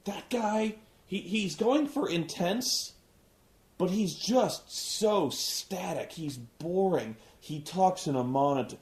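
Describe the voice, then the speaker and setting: A man's voice: high voice, slow, darkish tone, echoey room. A man hosting a casual, profane wrestling recap, rambling and cursing as he goes. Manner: rambling, swears a lot, restarts often. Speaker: host reviewing a wrestling show.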